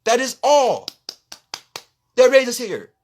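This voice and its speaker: Loud, profane preaching man. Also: very animated, slow pace, slight background noise. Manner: loud, profane and preachy, swinging between shouting and low asides. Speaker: spirituality content creator. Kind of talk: impassioned live-stream rant.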